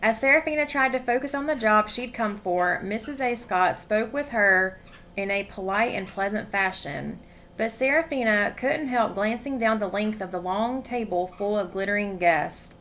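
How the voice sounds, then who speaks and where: A woman reading a novel aloud with expression, pausing to ask her listeners questions. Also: medium pitch, fairly bright tone, a little hiss or hum. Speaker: story reader.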